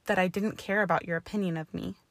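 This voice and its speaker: A woman's voice: lowish voice, fairly even intonation, fast, no echo. A woman voicing a proud young witch who snaps and scorns in anger. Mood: bitter. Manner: snapping, scornful.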